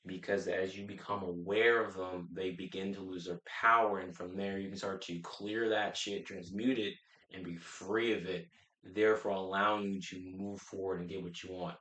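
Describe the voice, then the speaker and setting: A man's voice: low-pitched, little pitch movement, normal speed, bright, forceful tone, reverberant. A man working as a life coach, giving a blunt, profane motivational talk to his viewers with lots of restarts and emphatic repetition. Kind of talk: casual motivational talk to camera.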